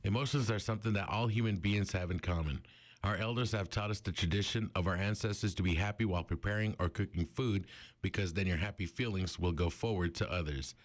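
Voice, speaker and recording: A man giving steady, explanatory scripted narration for a language lesson. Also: sits low, fairly quick.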